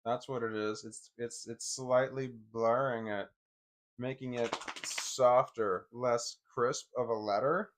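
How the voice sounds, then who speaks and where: On a live stream, a man thinks out loud haltingly, frequently repeating words while he figures out what he's looking at. His voice sits in the mid range, slightly bright, with fairly even intonation.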